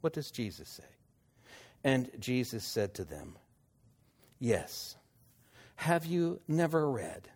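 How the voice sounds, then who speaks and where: A man preaching a sermon and reading scripture, unhurried, asking his listeners rhetorical questions. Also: mid-range voice, sing-song, a little mellow, husky. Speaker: pastor.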